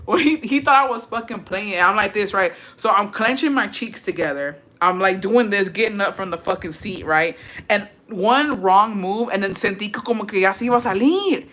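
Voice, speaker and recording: With a mid-range voice at a moderate pace, this woman livestreams, reading viewer comments and telling stories in casual chat. Her storytelling is brash, profane and animated, she swears a lot, and she moves back and forth between English and Spanish.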